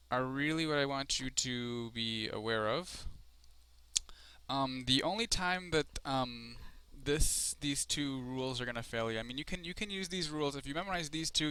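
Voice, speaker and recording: A man teaches Spanish in a recorded screencast, his mid-range voice bright, forceful and clean on a dry recording. His explanations come step by step, slow and deliberate, peppered with ums and other fillers.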